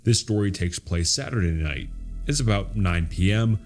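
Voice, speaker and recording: A man with a very low, deep voice narrates horror stories in a steady, measured read. A faint bed of music sits beneath his words. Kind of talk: scripted horror story narration.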